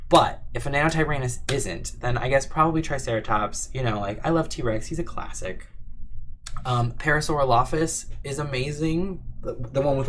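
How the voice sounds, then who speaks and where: Casual guy on a stream q&a, goofy and rambly, mid pitch, some faint hiss behind. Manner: rambling, playful, swears, laughs often. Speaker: audio creator hosting a livestream Q&A. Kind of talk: casual livestream chat.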